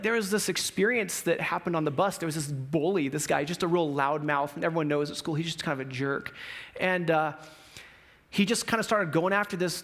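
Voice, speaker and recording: A male pastor preaching a sermon in a casual, animated storytelling way, acting out the people in his stories. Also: fairly high pitch. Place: church.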